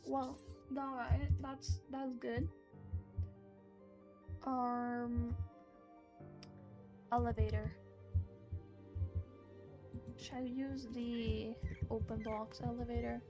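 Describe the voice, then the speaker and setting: A woman's voice: a little high, little pitch movement, drawn-out words, long pauses, music in the background. An American woman talking casually and rambling while she streams a game, swearing now and then. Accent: neutral American with some British-sounding words. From United States. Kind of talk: casual gaming stream chat.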